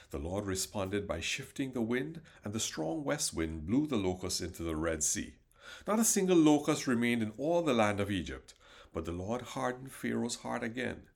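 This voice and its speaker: Expressive man reading scripture. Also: lowish voice. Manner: dramatic, emphatic narration. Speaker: Bible reader.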